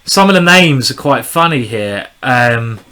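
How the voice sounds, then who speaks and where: A man's voice: mid-range voice, animated, a little slow, bright, forceful tone. A man giving chatty, rambling live commentary on his own online chess game, often joking at his own expense. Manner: chatty, rambling, self-deprecating. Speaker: chess streamer.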